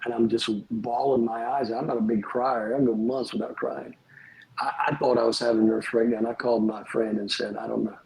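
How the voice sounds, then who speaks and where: A man, a pastor and podcast guest, telling earnest, animated stories about forgiveness in casual conversation. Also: medium pitch, fairly quick, vocal fry, low-quality recording.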